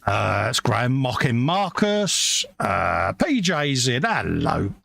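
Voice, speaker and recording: A man's voice: medium pitch, very animated, takes it slowly, gravelly, a bit bright, a little hiss or hum. A British man hosting a casual live stream from his workshop, teasing his co-host and reading out chat. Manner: chatty, teasing, reads chat aloud. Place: home workshop room.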